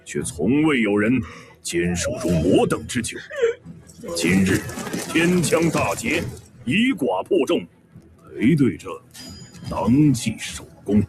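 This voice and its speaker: A battle-hardened warrior in a game trailer, speaking slowly and solemnly. His pitch swings widely between heavy lows and strained highs. Loud dramatic music plays behind him. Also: very animated. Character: grim battle-hardened male warrior defending a city. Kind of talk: dubbed game trailer acting.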